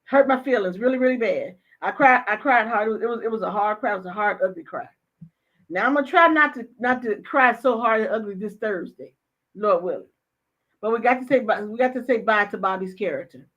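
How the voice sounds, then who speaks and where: A woman's voice: a little high, expressive, fairly quick, a bit bright. Woman host, casual and emphatic, repeats herself for effect; dull lo-fi audio. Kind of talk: casual chat.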